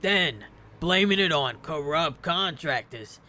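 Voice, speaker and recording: A man streaming a game who reads translations of the lines aloud and adds quick asides. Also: on the high side, animated, sharp tone. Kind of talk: live translation reading.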